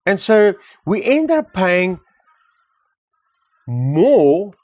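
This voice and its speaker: A man's voice: high-pitched, sing-song, very slow, a little mellow, dry recording. A man co-hosting a property discussion, talking casually and reflectively, telling anecdotes and repeating words for emphasis. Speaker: property market co-host. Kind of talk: casual conversation.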